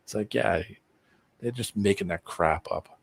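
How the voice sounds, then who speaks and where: A man's voice: fairly low pitch, a little slow, vocal fry. A man in casual chat on a live stream video call, rambling and conspiratorial as he explains something. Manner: rambling, conspiratorial, talks over the other man.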